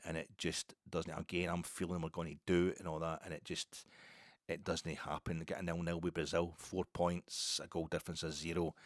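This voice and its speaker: A Scottish man talking in a rambling, sweary casual monologue as a football podcaster, with loud bursts. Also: low voice, dry recording, studio quality.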